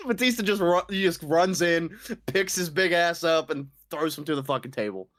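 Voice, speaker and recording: A man co-hosting a casual podcast, excitable, swearing often and calling people dude and bro. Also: on the high side, normal speed, no room sound, clean studio sound. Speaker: podcast co-host. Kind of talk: casual chat.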